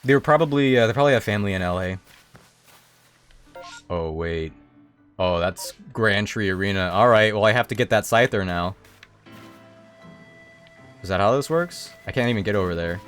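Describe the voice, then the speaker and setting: A man streams himself playing a video game live, talking casually with his viewers and letting out high, excited yelps whenever something happens on screen. He speaks at a moderate pace with frequent pauses, and faint music plays in the background.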